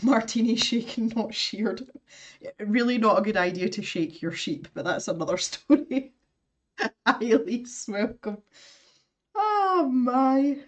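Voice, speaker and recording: A woman's voice: on the high side, expressive, measured pace. A woman with a Scottish accent hosting an art live stream, chatting casually while she draws, laughing often and greeting viewers.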